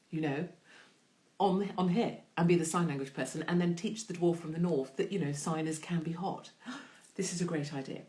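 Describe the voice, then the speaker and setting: A woman hosting her own online show in a casual live-stream chat, answering viewer questions in an irreverent, chatty way with free swearing and big jumps in pitch when she reads questions aloud. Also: a little mellow.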